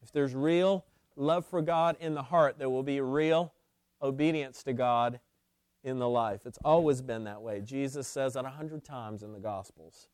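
Emphatic man preaching, slow and clear. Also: medium pitch, a little mellow, no echo, studio quality. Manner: emphatic, repeats key phrases, stumbles on restarts. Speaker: pastor. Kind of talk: sermon.

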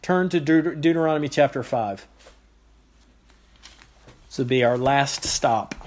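A man preaching an expository sermon, teaching in a measured way with pauses and repeated phrases. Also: on the high side.

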